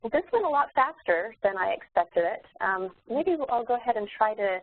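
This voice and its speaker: A woman instructor demonstrating software in a live webinar, explaining steps in a relaxed way with many fillers and restarts. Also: medium pitch, fairly quick, no echo. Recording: tinny phone-like webinar audio.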